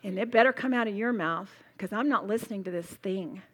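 A woman's voice: medium pitch, brisk, breathy edge. A woman leading a live Bible study for women, talking with passionate emphasis and acting out little scenes. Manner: passionate, emphatic, animated storytelling with role-played demos.

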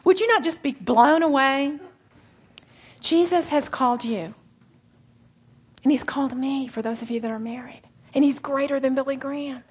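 A woman teaching a sermon, telling stories with animated delivery and dropping into near-whispers for emphasis. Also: sits high, moderate pace, pauses often. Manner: animated storytelling, acting out quotes, dropping to a whisper. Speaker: Bible teacher. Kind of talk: sermon to a women's audience.

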